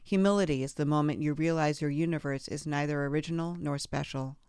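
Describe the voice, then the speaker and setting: A woman podcast host reading a memoir aloud in a measured, expressive way on a close studio mic. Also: sits low, clear, resonant tone, no echo.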